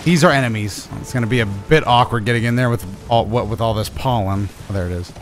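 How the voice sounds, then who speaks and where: A young man giving casual, profane let's play commentary, excitable and trash-talking as he plays. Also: medium pitch, fast talker, slight background noise. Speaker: gaming channel host.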